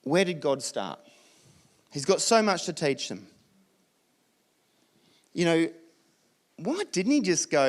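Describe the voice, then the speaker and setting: Lively Australian pastor preaching. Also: male voice, on the high side, slow, pauses often. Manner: animated storytelling with acted asides. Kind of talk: sermon.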